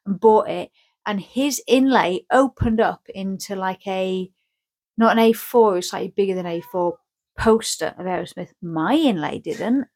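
A woman's voice: medium pitch, unhurried, darkish tone. Rambling, jokey woman. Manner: rambling, jokey, acts out scenes. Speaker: podcast co-host. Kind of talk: casual chat.

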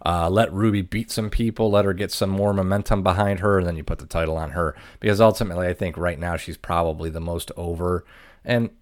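A man's voice: low-pitched, steady tone, fairly quick. A man co-hosting a podcast in casual chat, laid-back and blunt with his opinions. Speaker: podcast co-host.

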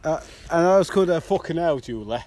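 A man's voice: fairly high pitch, animated, fast, darkish tone. A man with a southern English accent, co-hosting a podcast outdoors, chatting in a sweary, laughing way. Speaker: podcast co-host. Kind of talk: casual chat. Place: outdoors in the evening.

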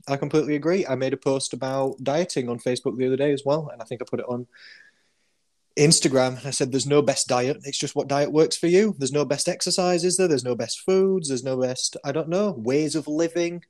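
A man's voice: fairly high pitch, fairly quick, a little mellow. A man with a Yorkshire accent hosting a podcast, upbeat and chatty, laughing often. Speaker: podcast host. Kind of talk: casual chat.

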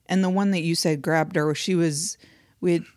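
A woman's voice: on the low side, steady tone, moderate pace, a little mellow, no echo, studio quality. A tired woman, a podcast co-host and new mother, chats casually and adds short, hesitant comments. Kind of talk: casual chat.

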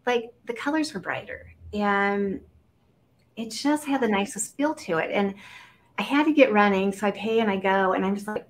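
A woman from Iowa, a guest on an interview show, talking casually with many fillers and animated storytelling. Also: medium pitch, moderate pace. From Iowa, United States.

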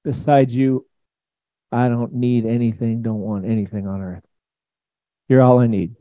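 A man preaching a sermon in a conversational, emphatic way, swinging between loud and soft. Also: medium pitch, steady tone, a little slow, no room sound, narrow, tinny audio. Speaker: pastor.

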